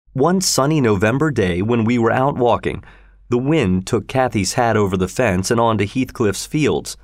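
A man narrating a story in a steady, measured way. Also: fairly low pitch, no echo, clean studio sound. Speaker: audiobook narrator.

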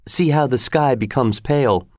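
A man voicing a wise, gracious noble lady who speaks in a measured, dignified way in a storybook reading. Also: mid-range voice, darkish tone, no echo, clean studio sound, voice pushed up, natural voice. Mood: poised.

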